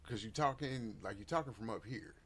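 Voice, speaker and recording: A man's voice: lowish voice, fairly quick, a bit bright, slight background noise. A man co-hosting a casual sports talk stream, easygoing and amused. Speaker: podcast co-host.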